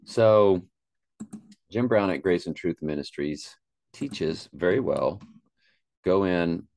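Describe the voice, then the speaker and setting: A man's voice: deep voice, expressive, slow pace, a little mellow. A man leading a Bible study, reading scripture aloud and breaking off to comment plainly. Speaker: Bible teacher.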